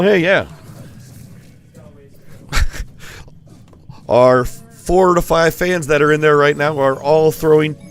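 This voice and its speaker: A man giving rambling, playful live commentary on a school esports match. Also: fairly high pitch. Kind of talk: joking live game commentary.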